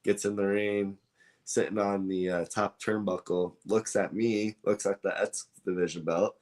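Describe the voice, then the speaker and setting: A man's voice: fairly low pitch, fairly even intonation, unhurried, darkish tone. A man, a guest on an interview show, telling a story in a casual, rambling way with many fillers and acted-out dialogue. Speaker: belt maker, guest.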